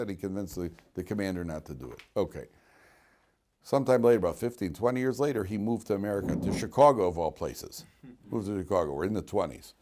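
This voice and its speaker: This man speaks fast with a low-pitched voice, teaching a class as a rabbi. He's an animated storyteller who cracks jokes and repeats words often, keeping the classroom lively.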